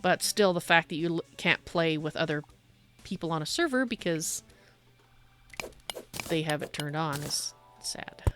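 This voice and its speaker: A woman's voice: deep voice, a little slow, fairly bright tone, faint music behind. A woman livestreaming a game, giving blunt, opinionated and sardonic commentary as she plays. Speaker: livestream gamer. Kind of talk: casual gameplay commentary.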